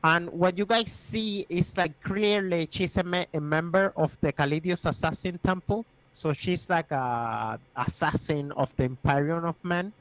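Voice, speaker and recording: A man narrating a tabletop game as game master, with halting, filler-heavy delivery. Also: fairly high pitch, a bit bright, no room sound, poor audio.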